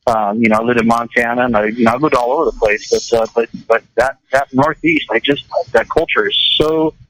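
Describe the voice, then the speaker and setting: A man's voice: mid-range voice, steady tone, a little fast, a bit bright, no room sound, poor audio. A man from California chatting casually on a radio show, rambling with lots of restarts and repeated words.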